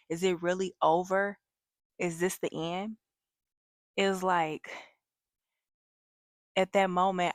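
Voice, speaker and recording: Lowish-voiced woman talking candidly. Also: vocal fry, no echo, studio quality. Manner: candid, reflective, many fillers and restarts. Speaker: vlogger. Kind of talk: personal vlog monologue.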